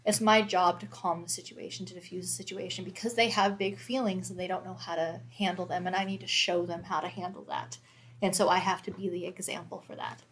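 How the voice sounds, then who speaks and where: A woman's voice: on the low side, fairly even intonation, fairly quick, a bit bright, slight background noise. A woman in her thirties, a mother of four, talking candidly and reflectively in a casual faith conversation, with many fillers.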